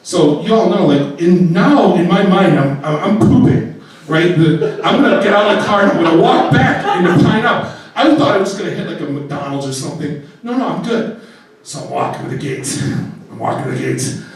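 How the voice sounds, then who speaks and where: A man telling a funny story on stage, animated and often laughing, acting out his own panic. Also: moderate pace. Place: live venue with audience. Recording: booming echoey hall from far off with audience.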